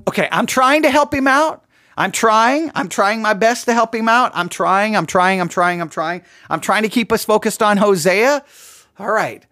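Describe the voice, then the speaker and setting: A man's voice: high-pitched, normal speed, sharp tone, dry recording, clean studio sound. A man giving casual commentary on a sermon clip, chatty and wry, often repeating his phrases.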